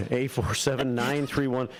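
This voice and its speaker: Middle-aged man, radio host, easygoing, halting delivery, mid pitch. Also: slight background noise. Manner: relaxed, halting with fillers. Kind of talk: casual morning radio chat.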